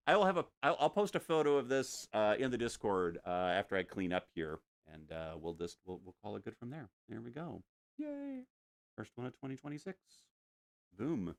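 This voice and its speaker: A gravelly, medium-pitched male voice comes through a dry recording as a man paints live from his home studio. Animated and jokey, he chats away casually and throws in small sound effects along the way.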